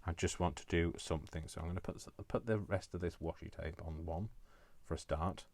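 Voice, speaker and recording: A man's voice: sits low, fairly even intonation, a little fast, a little mellow, dry recording. A man in his fifties chatting casually on a live crafting stream from his home kitchen, rambling with playful asides. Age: 50s. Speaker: crafting vlogger.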